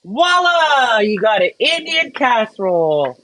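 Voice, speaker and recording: A woman's voice: fairly high pitch, big pitch swings, a little slow, fairly bright tone, dry recording, low-quality recording. A woman from Canada hosting a casual cooking livestream, chatting and greeting viewers by name while she cooks. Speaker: cooking show host.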